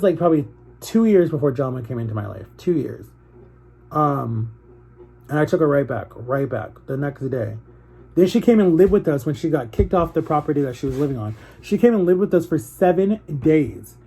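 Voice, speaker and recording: A man's voice: a little high, dark tone, slightly rough. A young man vlogging to his viewers, telling a personal story in an emotional, rambling way that circles back on itself.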